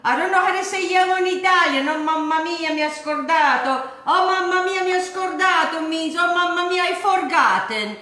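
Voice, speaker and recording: A woman's voice: very high-pitched, moderate pace, hardly any pauses, pushed and bright, reverberant. A woman from Argentina hosting a cooking show, chatting in a bubbly, sing-song way and sprinkling in Italian words. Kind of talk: chatty live cooking demonstration. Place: home kitchen.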